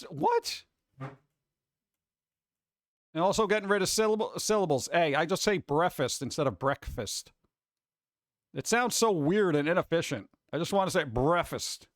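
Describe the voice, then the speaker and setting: A man's voice: high voice, a bit bright, no room sound, clean studio sound. A man hosting a live stream, chatting casually and reading chat aloud in a rambling, jokey way with muttered asides.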